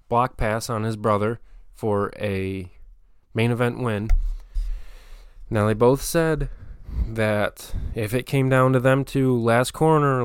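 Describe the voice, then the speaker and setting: A man's voice: mid-range voice, clean tone, no room sound, clean studio sound. A man hosting a motocross channel, talking through a season preview in a casual, rambling way with plenty of fillers and restarts. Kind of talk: casual solo commentary.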